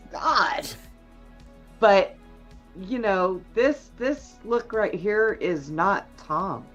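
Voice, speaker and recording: A woman's voice: medium pitch, expressive, extremely slow, long pauses, a bit bright, lo-fi sound, faint music behind. A woman hosting a casual chat, blunt and gossipy, laughing often. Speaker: show host.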